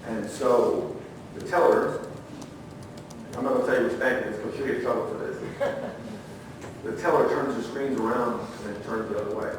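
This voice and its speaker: A middle-aged man giving a training talk at a conference, telling lively stories, acting out the quotes and asking the audience questions. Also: mid-range voice, moderate pace, pauses often, noisy background. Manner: animated storyteller, acts out quotes, asks the audience questions. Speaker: conference speaker, former federal agent. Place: conference room. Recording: echoey room, heard from far off.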